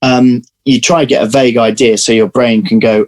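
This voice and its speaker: A man being interviewed as an actor, telling lively anecdotes in casual chat over a video call. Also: mid-range voice, a little fast, hardly any pauses, poor audio. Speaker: actor guest.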